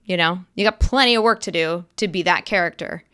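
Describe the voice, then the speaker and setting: A woman's voice: lowish voice, fairly quick, bright, forceful tone, clean tone, no room sound, studio quality. A woman actress, a guest in an interview, talking casually and acting out little quoted voices as she explains.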